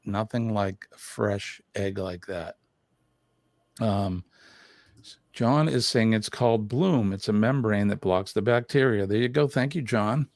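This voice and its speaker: A man's voice: on the low side, a little slow, darkish tone, no echo. An older man hosting a casual live stream, chatting and reading viewer comments aloud with lots of fillers.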